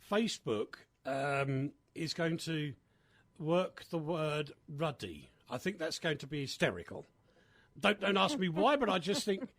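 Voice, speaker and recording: A man hosting a casual radio chat, animated and chatty with many fillers. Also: a little high, breathy edge, no echo. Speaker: radio host.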